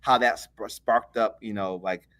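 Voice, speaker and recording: A man on a podcast telling a childhood story in a casual, animated way, acting out the voices of the people in it. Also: on the low side, a little slow. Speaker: podcast co-host.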